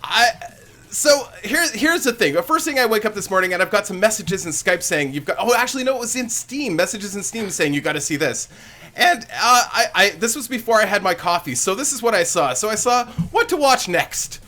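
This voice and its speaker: A man hosting a gaming live stream, excitable and rambling, laughing often. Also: sits high, brisk. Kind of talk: casual live-stream chat.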